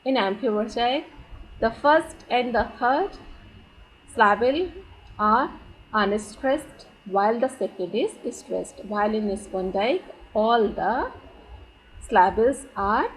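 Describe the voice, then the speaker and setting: Woman lecturer, slow and deliberate, higher voice, faint background noise. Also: lively intonation, poor audio. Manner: slow, deliberate, stresses key terms. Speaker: teacher. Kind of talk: slide lecture on poetry.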